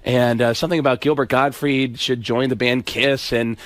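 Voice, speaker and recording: A man's voice: mid-range voice, flat delivery, normal speed, dry recording. A male comedian telling stories in a casual radio chat, rambling and laughing between lines. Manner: rambling, storytelling, frequent restarts and laughs. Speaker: comedian guest.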